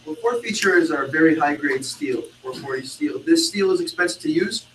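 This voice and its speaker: A man in a training class reads a sales script aloud, quick and fairly high-pitched, stumbling now and then. He is heard from across an echoey room with a light hiss in the background. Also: animated, a bit bright. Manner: reads steadily, with small hesitations. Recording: echoey room, mic far off.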